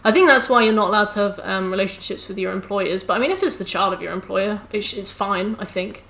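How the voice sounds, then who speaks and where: A woman's voice: medium pitch, vocal fry, fairly bright tone, slight background noise. A young woman, chatting casually and ranting with swear words to her live-stream chat while gaming. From England. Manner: chatty, ranty, swearing, quick asides to chat. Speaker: game streamer.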